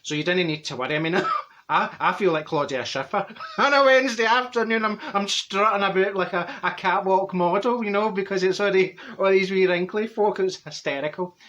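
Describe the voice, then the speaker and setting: A man's voice: sits high, fairly quick, a bit bright, highs cut off. A man voicing a chatty, straight-talking older woman from Glasgow in a Glaswegian accent, rambling and laughing through her comic stories. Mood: cheeky. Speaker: comedy character. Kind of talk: comic monologue to camera.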